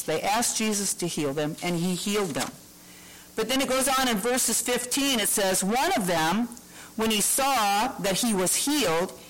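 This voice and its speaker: A woman's voice: mid-range voice, low-quality recording. A woman preacher giving a morning sermon, telling a story in a conversational way with hesitant fillers.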